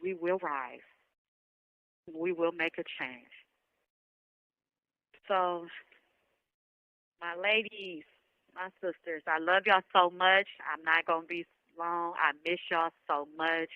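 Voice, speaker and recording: Speaking slowly with frequent pauses, a woman with a lowish voice addresses fellow women as a survivor, her impassioned words full of repeated rallying calls. She is emotional and nearly crying. There's no echo, but the audio is dull and lo-fi.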